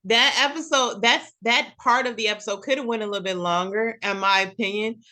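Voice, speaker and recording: Bright-voiced woman recapping a show. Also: on the high side, a little fast. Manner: animated storytelling, acts out characters' lines. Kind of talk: casual chat.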